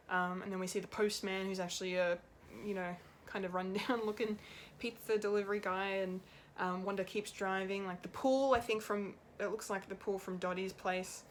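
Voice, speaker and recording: A woman's voice: mid-range voice, little pitch movement, moderate pace, few pauses, a little hiss or hum. A woman giving an unscripted, rambling and emotional review of a TV episode, laughing often and swearing now and then. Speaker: pop culture reviewer.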